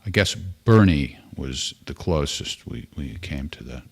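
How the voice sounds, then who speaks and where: Deep-voiced male podcast host. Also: animated, unhurried, creaky, breathy edge. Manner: rambling, conversational. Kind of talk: casual chat.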